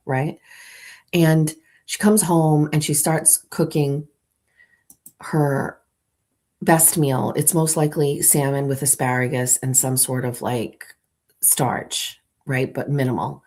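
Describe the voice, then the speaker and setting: A woman's voice: deep voice, steady tone, measured pace, darkish tone, slightly rough. A woman hosting a morning show, playfully walking her audience through an imagined scene in a theatrical storytelling manner. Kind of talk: comic storytelling to a live audience.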